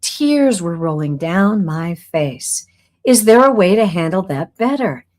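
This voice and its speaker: Earnest middle-aged woman, lower-pitched. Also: measured pace. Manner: warm, earnest, rambling, with soft laughs and lively pitch swings. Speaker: psychic medium hosting a live class. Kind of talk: live-streamed casual teaching, reading viewer comments.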